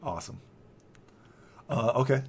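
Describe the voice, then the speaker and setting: A man's voice: medium pitch, lively intonation, measured pace, vocal fry, a crowd in the background. A man narrating a tabletop game as game master, loose and chatty, with lots of "like" fillers.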